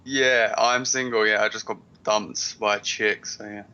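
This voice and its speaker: A man with a bright, forceful voice chats in halting bursts packed with fillers. He cracks crude jokes in loose banter. The sound is dull and lo-fi, like an internet call. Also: lowish voice, steady tone, clean tone. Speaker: guest page admin. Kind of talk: casual banter.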